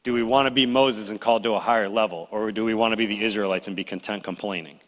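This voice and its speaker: A middle-aged man preaching a sermon, animated and conversational, acting out complaining voices as he tells the story. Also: fairly low pitch, fast talker. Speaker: pastor. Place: church sanctuary. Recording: reverberant church hall.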